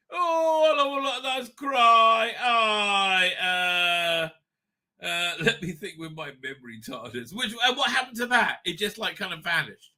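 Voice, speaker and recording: A livestream host with a high, sharp voice speaks at a slow pace. He rants with lots of swearing and exasperation, reading chat names and comments aloud.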